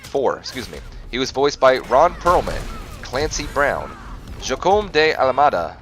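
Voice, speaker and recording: A man's voice: mid-range voice, very animated, unhurried, fairly bright tone, slight background noise. A man hosting a game playthrough, reading facts aloud and often stumbling and correcting himself. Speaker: gaming channel host.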